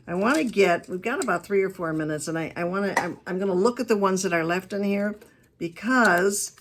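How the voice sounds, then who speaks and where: A woman's voice: mid-range voice, fairly quick, slight background noise. Chatty, emphatic woman keynote speaker. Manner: chatty, emphatic storyteller with asides. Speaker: keynote speaker on customer service. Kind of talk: lively talk to a business audience.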